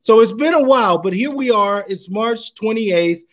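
A man's voice: high voice, animated, normal speed, a little hiss or hum. A man co-hosting a veterans talk show, reading a tribute and then chatting casually and laughing easily. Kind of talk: casual chat.

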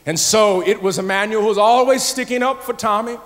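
A male pastor preaching a sermon, telling a story with many "uh" fillers and building to shouted, impassioned preaching in a large church. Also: high voice, brisk. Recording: long church reverb, faint music.

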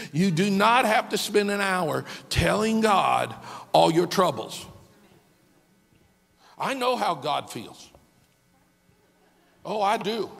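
A male pastor preaching a sermon to his congregation, swinging from hushed talk to shouting and acting out the voices he quotes. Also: sits high, creaky, long reverb tail. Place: large church sanctuary.

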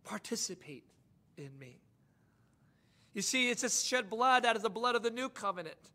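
A male pastor preaching a sermon, moving from quiet, intimate asides to rising, emphatic declarations. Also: high-pitched, sing-song, moderate pace.

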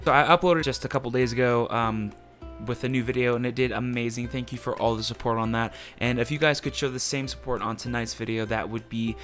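A man's voice: mid-range voice, a bit bright. A young man hosting a casual voice tutorial, rambling with many ums and uhs. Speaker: voice tutorial youtuber.

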